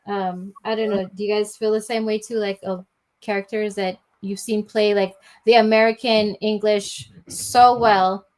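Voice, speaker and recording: A woman's voice: mid-range voice, level tone, a little slow. A woman co-hosting a casual chat, gushing and chatty with many fillers.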